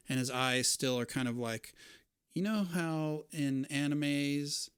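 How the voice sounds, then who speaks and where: A man narrating as game master of a tabletop game, describing scenes in a relaxed way with casual fillers. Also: mid-range voice, slow pace, pauses often, smooth, no echo, clean studio sound.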